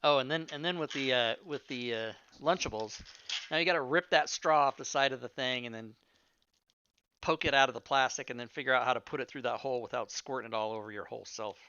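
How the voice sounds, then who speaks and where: A man's voice: medium pitch, fast talker, sharp tone, muffled recording, slight background noise. A man in his fifties, a player joking around with others at the table and laughing often. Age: 50s. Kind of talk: casual banter at the table.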